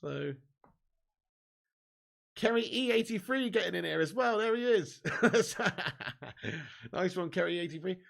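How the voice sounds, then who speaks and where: A man's voice: sits high, unhurried, vocal fry, pauses often. A young man hosting a live football watch-along, giving commentary and reading viewer comments. He swears a lot, laughs often and banters with his viewers. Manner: gets excited at chances and goals.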